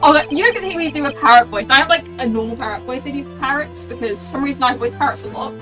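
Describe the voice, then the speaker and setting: Chatty high-voiced woman streamer. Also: rapid-fire. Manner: chatty, rambling. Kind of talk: game stream commentary. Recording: distant mic with game music.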